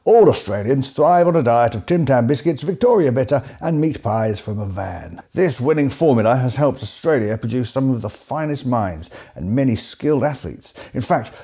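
A man's voice: mid-range voice, warm tone, slightly rough. A man from England narrating a comedy piece in a dry, mock-serious, sarcastic way. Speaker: comedy host. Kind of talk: deadpan comic narration.

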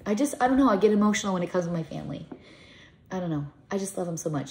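A middle-aged woman vlogging to camera, a chatty mother who rambles and gets emotional easily. Her voice sits fairly low, and the room is echoey with soft music playing behind her. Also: lively intonation, very fast. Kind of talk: casual chat to camera.

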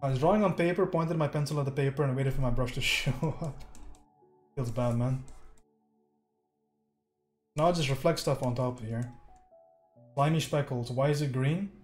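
A livestreaming art instructor with a slightly mellow, mid-range voice gives a casual painting critique at a moderate pace, leaving long pauses. He jokes loosely, swears, and answers chat as he works. The recording has a roomy echo and faint background music.

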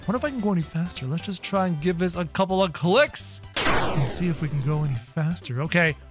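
A man doing excitable casual gameplay commentary, talking straight to his viewers. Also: sits high, fairly quick, loud music behind the voice. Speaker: gaming YouTuber.

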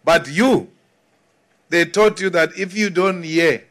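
A South African man speaks from the podium in a notably high register, pressing each point slowly and deliberately. He repeats phrases for emphasis, building an emphatic, insistent political address. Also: animated, fairly bright tone. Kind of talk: political speech to an audience.

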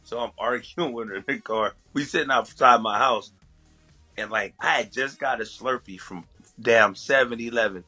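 Husky-voiced man telling stories. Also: mid-range voice, normal speed, faint music behind. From USA. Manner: profane, laughing, animated storytelling. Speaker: guest. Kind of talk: casual storytelling.

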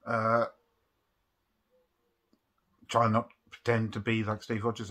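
A man's voice: on the low side, fairly even intonation, a little slow, pauses often, pushed and bright. A young man giving a casual, rambling review of a TV episode. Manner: rambling, with restarts and fillers.

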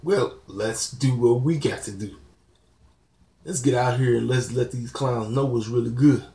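Unhurried and mellow, this young channel host's mid-range voice has a vocal fry as he rants bluntly and preachily to his viewers. Laughing asides pop up in the casual vlog, which is recorded with a roomy echo.

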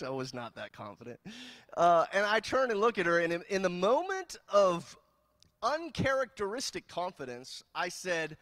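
A man from California preaching a sermon as pastor, telling jokes and stories in an animated way. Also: on the high side, normal speed, no room sound. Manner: animated, joking storyteller. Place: church.

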